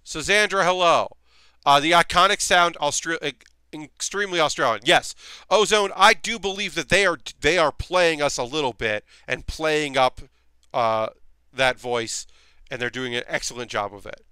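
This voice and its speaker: A man's voice: on the high side, moderate pace, pushed and bright, clear, resonant tone, no echo, clean studio sound. A man chatting casually with his live chat while building costume armor in his workshop, rambling with lots of fillers. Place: home workshop.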